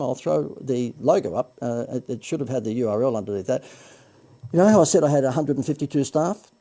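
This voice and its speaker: An Australian man hosting a marketing livestream, making a chatty sales pitch with joking asides and frequent self-corrections. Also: warm tone. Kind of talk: Facebook Live sales pitch.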